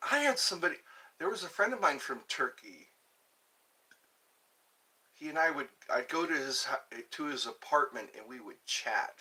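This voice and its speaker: A middle-aged man from the United States hosting a casual livestream, slowly rambling and reading out viewer comments. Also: mid-range voice, sharp tone. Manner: slow, rambling, chatty. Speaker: livestream host.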